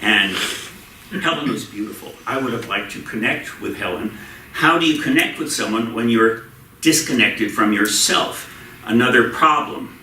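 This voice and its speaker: An American man telling a funny personal story to a live audience at a story slam, with deadpan comic timing. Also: mid-range voice, moderate pace, a little hiss or hum. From United States. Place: stage in a small venue. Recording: roomy hall, mic at a distance.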